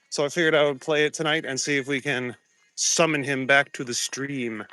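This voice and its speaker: A man's voice: on the high side, bright, forceful tone, no echo. A man hosting a live stream as he walks outdoors at night, chatting loosely with viewers on his phone, greeting them and laughing easily. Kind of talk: casual live-stream chat. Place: outdoors at night, walking the streets. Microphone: phone camera.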